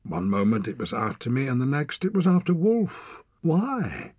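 A man's voice: mid-range voice, wildly swooping pitch, normal speed, darkish tone, husky, no room sound, studio quality, voice pushed up, exaggerated voice. A man voicing a brave but shaken young girl in an audiobook, speaking urgently and pleadingly. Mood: uneasy. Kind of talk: audiobook character voice.

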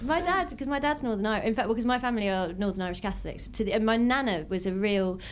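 A woman's voice: mid-range voice, fast, heavy background noise. A woman in her thirties, from England, hosting a comedy panel show with cheeky, giggly storytelling before a live audience. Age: 30s.

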